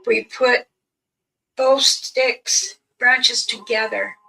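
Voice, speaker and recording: A woman storyteller with a gravelly, fairly high voice and a bright tone. She speaks very slowly, in short halting phrases with long pauses. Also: steady tone, low-quality recording. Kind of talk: slow first-person spoken storytelling.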